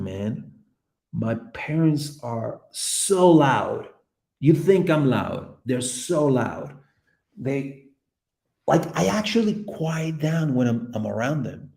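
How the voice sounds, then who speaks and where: A man in his forties chatting casually on a livestream from his office, excitable and rambling, swinging between loud bursts and hushed asides. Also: medium pitch, creaky, roomy sound. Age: 40s. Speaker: livestreaming artist. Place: office room.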